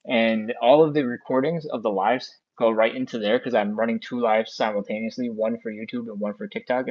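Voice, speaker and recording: A man leads a live stretching session from a phone, counting each hold aloud and chatting easily with his viewers. His voice sits at a middle pitch, and the phone audio sounds dull and lo-fi. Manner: counts down aloud, chatty, reads out chat comments. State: a bit out of breath. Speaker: stretching class host. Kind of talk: live follow-along stretching class. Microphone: phone on a stand.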